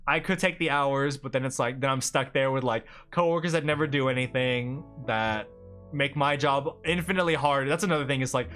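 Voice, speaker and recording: A man's voice: mid-range voice, brisk, a bit bright, faint music behind. Rambling, chatty male streamer. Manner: rambling, chatty, laughs often. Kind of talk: casual livestream chat.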